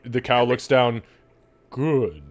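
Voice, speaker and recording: A man's voice: medium pitch, moderate pace. A man running a tabletop game as game master, narrating in a casual, sweary, loose way.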